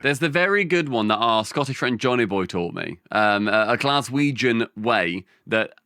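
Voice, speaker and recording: Guy cohosting a podcast, bright voice, jokey and crude, dry close mic. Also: medium pitch, animated, moderate pace, no room sound. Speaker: podcast co-host. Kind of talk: casual chat.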